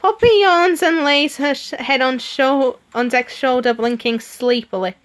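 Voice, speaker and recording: A woman's voice: high-pitched, unhurried. A woman streamer reading a story game aloud, giggling and adding her own comments between the lines. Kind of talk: reading game dialogue aloud with playful voices.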